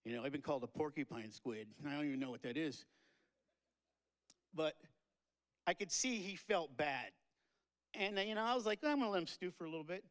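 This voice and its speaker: A man's voice: a little high, lively intonation, fairly quick, pauses often, a bit bright, poor audio. A man giving a rambling, tearful and joking tribute speech at a memorial event. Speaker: eulogy speaker. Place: live-streamed memorial event.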